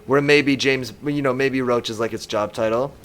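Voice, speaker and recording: A man's voice: mid-range voice, fairly even intonation, moderate pace, a bit bright. A man casually musing aloud while streaming a game live and reading chat comments.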